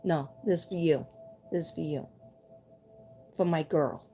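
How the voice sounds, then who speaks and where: A woman doing a livestream spirit reading as a psychic medium, gentle and reassuring, repeating her messages. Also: low voice, a little slow, faint music behind.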